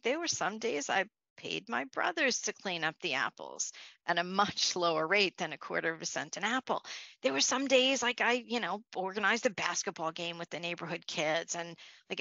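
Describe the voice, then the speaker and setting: A woman's voice: fairly low pitch, gravelly, bright, forceful tone, dry recording, highs cut off. A woman from Long Island, New York, giving a conversational leadership talk with stories and restarts. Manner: conversational, restarts, storytelling asides. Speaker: leadership speaker.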